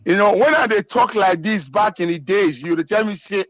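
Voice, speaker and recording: A man's voice: sits high, normal speed, few pauses, fairly bright tone, no room sound, muffled recording. A Nigerian man speaking as a panelist in an online discussion, teasing another speaker in a playful way.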